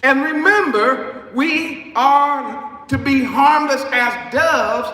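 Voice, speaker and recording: A man preaching a sermon in an emphatic, repetitive way that rises to shouts. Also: extremely high pitch, very slow. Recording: echoey hall, far from the mic.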